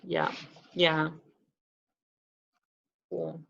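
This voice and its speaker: A middle-aged woman librarian talks casually through a box of books, friendly and laughing often. Her voice has a gravelly, fried texture. The recording sounds muffled and lo-fi. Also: low-pitched, level tone, very slow, a bit bright. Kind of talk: casual book unboxing chat.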